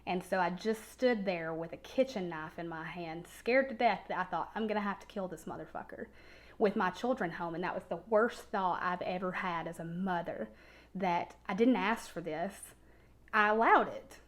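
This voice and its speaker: A woman's voice: on the low side, moderate pace. A woman recounts a hard personal story in plain, unscripted speech. She stumbles and repeats her words when the memory weighs on her, then pushes on.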